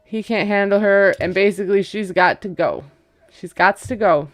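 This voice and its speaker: A woman's voice: medium pitch, normal speed, no room sound. A woman casually recapping a reality show, chatty and gossipy, acting out quotes and laughing as she goes. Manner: gossipy, retells scenes with quoted voices and laughs.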